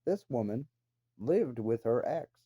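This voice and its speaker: A man's voice: medium pitch, lively intonation, unhurried, mellow, slightly rough. A man telling a rambling personal story in a casual way. He swears freely and adds incredulous asides. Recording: dull lo-fi recording.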